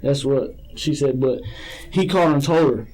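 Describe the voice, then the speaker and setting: A man's voice: mid-range voice, normal speed, a little mellow, faint music behind, poor audio. A man being questioned by police, rambling and hesitant, often repeating himself. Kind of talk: police interrogation.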